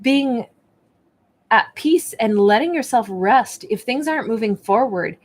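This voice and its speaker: A woman's voice: a little high, expressive, a little slow. A woman giving a spoken tarot and oracle card reading at home, talking in a reflective, encouraging way with lots of fillers. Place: indoors at a table with her card decks.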